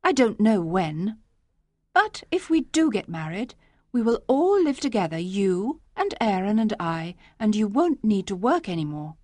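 A woman doing a high, eager young village girl. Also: big pitch swings, measured pace, darkish tone, no room sound, studio quality. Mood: earnest.

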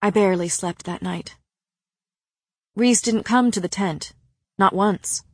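A woman reading a story aloud in first person, with a soft and even narrating manner. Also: lowish voice, no echo, clean studio sound. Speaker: audiobook narrator.

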